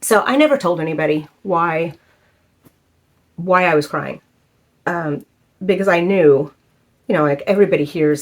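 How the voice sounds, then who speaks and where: A woman in her fifties telling a personal story in a halting, emotional way, with many fillers. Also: fairly low pitch. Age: 50s. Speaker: vlogger.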